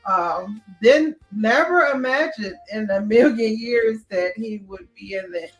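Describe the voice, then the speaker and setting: A woman's voice: on the high side, a little slow, soft background music, rough recording. A middle-aged woman guest earnestly recounting her own experience with her mother. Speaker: guest co-author. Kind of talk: personal storytelling.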